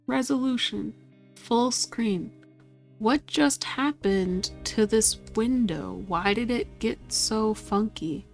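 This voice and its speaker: Higher-pitched woman muttering over her game. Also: slow pace, faint music behind. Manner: talks to herself, exasperated, swears. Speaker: gaming streamer. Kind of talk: casual chat while playing a computer game.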